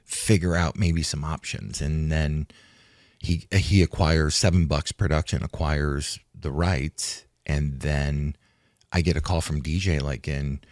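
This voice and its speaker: Casting: very low male voice, dry studio sound, rambling retired fighter recounting events. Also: fairly even intonation, a little slow, no room sound. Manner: rambling, restarts, acts out quoted talk. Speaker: retired fighter, interview guest. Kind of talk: casual storytelling interview. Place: studio in Hollywood.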